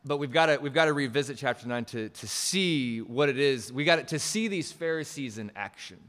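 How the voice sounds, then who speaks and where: A man's voice: medium pitch, moderate pace, fairly bright tone, big-room sound. A male pastor preaching a sermon, emphatic, pushing key phrases up and restarting mid-sentence.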